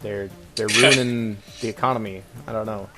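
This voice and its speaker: Brief: man, comedy co-host, wry and mocking, quick laughs, faint music bed behind. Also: lowish voice, fairly even intonation. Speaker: podcast co-host. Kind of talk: casual comedic chat.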